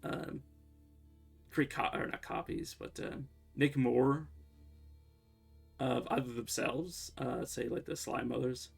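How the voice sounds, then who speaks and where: A man streaming a game, talking through his play in a loose, rambling way and often correcting himself mid-sentence. His voice has a gravelly, creaky edge, with faint music and keyboard typing behind him. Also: medium pitch, fairly even intonation, slow pace, pauses often. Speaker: livestreamer playing a game. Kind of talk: casual gameplay commentary.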